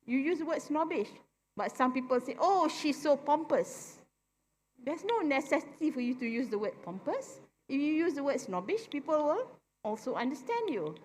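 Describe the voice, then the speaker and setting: A woman with a Malaysian English accent speaking at a live forum, often ending her points with "right?" in an animated teaching tone. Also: sits high, a little fast. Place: convention centre forum stage.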